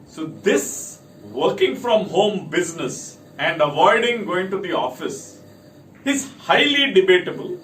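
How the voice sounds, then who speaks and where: A man's voice: high voice, big pitch swings, unhurried, fairly bright tone, far from the mic. A man giving a talk to camera, working through a list of points with emphatic delivery. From India. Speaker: company speaker. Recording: echoey room, from off mic, faint noise.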